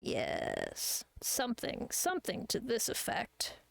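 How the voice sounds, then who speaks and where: Gravelly young woman chatting while she draws. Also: fairly high pitch, animated, a little slow, no room sound. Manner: rambling, laughs often, swears casually. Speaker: streamer and artist. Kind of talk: casual chat while drawing on stream.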